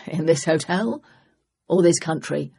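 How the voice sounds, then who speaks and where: A narrator voicing a jovial, blustering male police inspector who speaks in a mocking, booming way. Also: a little slow, gravelly, warm tone, breathy edge.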